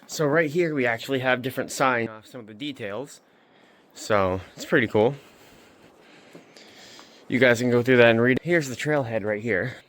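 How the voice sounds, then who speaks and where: A young man records himself outdoors on a mountain trail with a handheld camera. He is out of breath and talks in an excited, chatty way. He often repeats words, and his voice sits in a middle pitch. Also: moderate pace, pauses often. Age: young adult. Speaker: vlogger. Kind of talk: casual hiking vlog.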